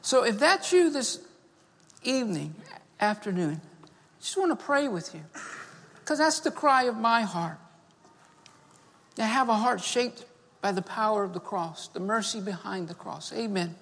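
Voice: medium pitch, animated, unhurried, vocal fry, pauses often, a bit bright. A pastor preaching a sermon and leading an altar call, fervent, repeating key phrases and punctuating them with "amen" and "beloved.". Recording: long reverb of a large hall.

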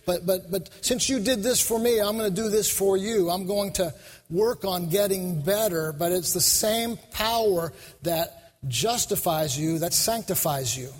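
Male preacher, high voice, fervent and repetitive sermon, long hall reverb. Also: measured pace. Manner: fervent, repetitive, talks to the crowd. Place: large venue with a crowd.

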